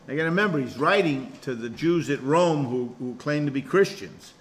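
A man's voice: fairly high pitch, expressive, brisk, slight background noise. A man pastor leading an informal Bible study class. He talks conversationally and explains verse by verse, restarting his sentences often.

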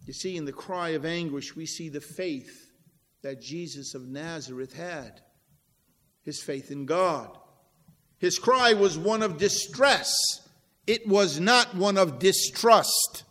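A man preaching a sermon, slow and deliberate, swinging from loud stresses to near-whispered drops. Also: on the high side, lively intonation. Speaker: pastor. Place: church. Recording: long reverb in a large hall.

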